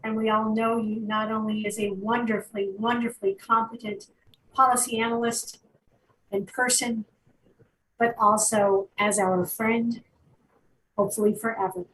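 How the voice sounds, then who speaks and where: A woman's voice: a little high, little pitch movement, moderate pace, fairly bright tone. A woman city councilor giving an earnest, heartfelt tribute. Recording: echoey audio from far off the mic, faint noise.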